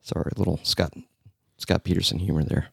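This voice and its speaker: A man's voice: deep voice, steady tone, brisk, vocal fry, husky, dry recording, studio quality. A man co-hosting a podcast in casual chat, jokey and rambling, laughing often as he reads a listener's message. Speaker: podcast co-host.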